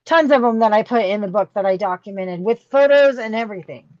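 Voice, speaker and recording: A woman's voice: mid-range voice, animated, fast talker, a little mellow, dry recording, muffled recording. A middle-aged woman telling a candid, emotional story as a podcast guest, with many fillers and restarts. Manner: rambling, emotional, full of fillers.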